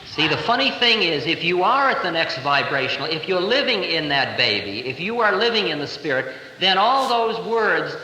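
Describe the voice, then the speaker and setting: A man's voice: high voice, big pitch swings, moderate pace, few pauses, pushed and bright. A man in his thirties giving a playful, conversational spiritual lecture, recorded live in a large hall in 1970. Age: 30s. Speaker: spiritual teacher.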